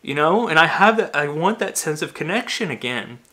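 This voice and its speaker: A man's voice: on the high side, animated, normal speed, sharp tone. A man in his thirties, ranting in a rambling, agitated monologue full of swearing and fillers. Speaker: vlogger.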